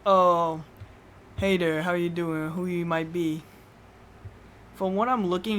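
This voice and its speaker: A woman streamer reacting loudly and excitedly to a game, with casual swearing and frequent laughter. Faint ambient noise sits under her voice. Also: on the low side, slow, long pauses. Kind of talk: live game playthrough commentary.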